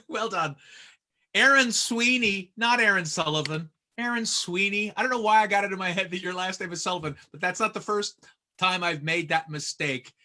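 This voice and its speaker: A man hosting a casual video-call reunion, joking and stammering with quick laughs. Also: sits high, sharp tone. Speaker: host.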